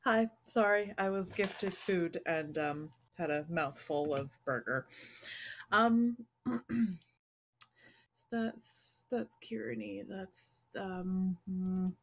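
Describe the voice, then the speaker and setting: A woman's voice: mid-range voice, slow, gravelly. A woman playing a tabletop game, casual and swearing offhandedly. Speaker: player.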